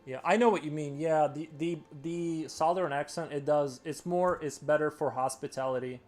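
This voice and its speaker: A man's voice: a little high, normal speed, a little mellow, faint music behind. A man chatting casually on a live stream, rambling and using "like" a lot. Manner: rambling, heavy filler "like".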